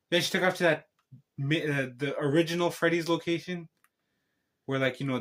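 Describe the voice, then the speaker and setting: A man's voice: medium pitch, fairly bright tone. A man talking casually and rambling through a film review, stopping himself with joking asides and restarts. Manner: meandering, self-interrupting, joking asides. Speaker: channel host reviewing a film.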